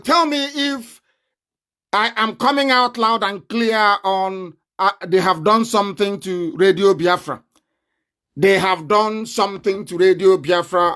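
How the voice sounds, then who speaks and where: A man with a Nigerian accent giving a combative live online broadcast, laughing often and breaking into shouts. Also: sits high.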